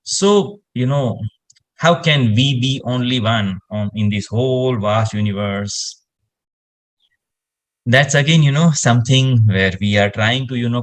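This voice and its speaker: A man's voice: mid-range voice, measured pace. A man, explaining space science in casual conversation and rambling with lots of "you know" fillers.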